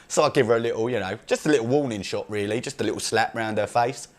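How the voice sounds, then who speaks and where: A man plays a brash, crude young male chav from Essex, rambling boastfully in an improvised comedy monologue with an Essex accent and a mocking mood. He speaks fast at medium pitch, lightly acted.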